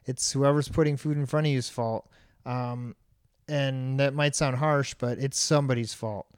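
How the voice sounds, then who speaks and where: A man's voice: mid-range voice, fairly even intonation, normal speed, clear, resonant tone, no echo, clean studio sound. A man in his thirties co-hosting a casual chat, talking in a blunt and opinionated way and laughing easily. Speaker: podcast co-host.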